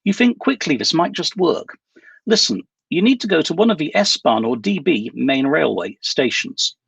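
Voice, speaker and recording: A man reading a novel aloud voices a calm, businesslike female handler giving instructions by phone. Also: on the high side, moderate pace, creaky, slightly rough, no room sound, exaggerated voice. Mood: brisk.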